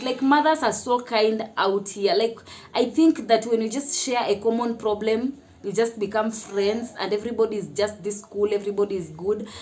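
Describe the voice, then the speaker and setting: A woman's voice: medium pitch, slight background noise. A Kenyan woman telling a personal story in a casual vlog, chatty, often laughing and mixing in Swahili phrases. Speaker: mother sharing her experience.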